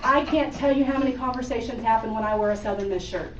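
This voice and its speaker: A woman's voice: on the high side, fast talker, slight background noise. A woman from Oregon giving a motivational sales talk to a group, chatty and laughing, speaking to the audience directly. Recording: echoey room, distant mic, dull sound.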